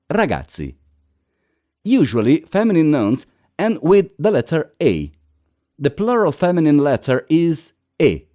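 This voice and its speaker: A man reading a beginner language lesson as scripted narration, slow and measured. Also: fairly high pitch, mellow. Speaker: language teacher.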